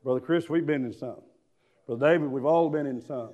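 A man preaching a sermon, telling stories and breaking into shouted hallelujahs. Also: medium pitch, a little fast, lo-fi sound. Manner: emphatic storytelling, bursts into shouted hallelujahs.

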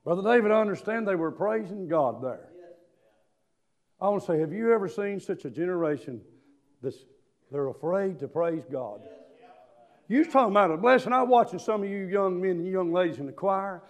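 An older man preaching a sermon, telling folksy stories with drawn-out fillers and climbing into shouts. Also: animated. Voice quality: high-pitched, rising to shouts. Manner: folksy storytelling, drawling fillers.

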